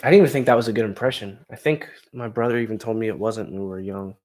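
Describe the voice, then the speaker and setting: A young man with a fairly low voice chats loosely with his live-stream viewers. He rambles, swears, and runs himself down. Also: fast talker, a little mellow. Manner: rambling, self-deprecating, crude. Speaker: comedian streamer. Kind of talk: casual live-stream chat.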